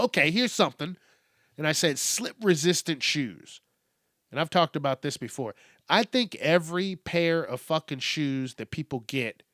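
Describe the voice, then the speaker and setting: A man's voice: a little high, bright, forceful tone, no room sound, studio quality. A man hosting his own podcast, rambling casually and profanely, amused at himself. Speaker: podcast host. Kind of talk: casual solo rant.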